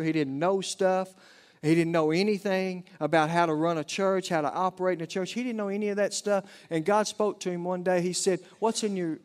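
A man's voice: high voice, clean tone. A middle-aged man with an Oklahoma Southern accent, preaching a folksy, conversational sermon to a congregation.

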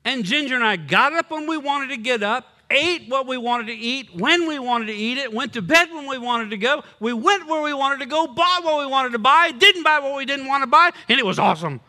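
Older man preaching, high bright voice, lively swings; pastor at the pulpit. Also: a little fast, few pauses. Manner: animated, swinging between loud punchy lines and low drops. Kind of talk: sermon.

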